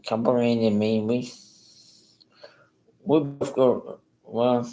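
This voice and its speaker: A man's voice: mid-range voice, steady tone, slow pace, dark tone, a little hiss or hum, low-quality recording. A man chatting in a rambling, chuckling way while painting live on a stream. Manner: rambling, chuckling, self-interrupting. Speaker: painting instructor.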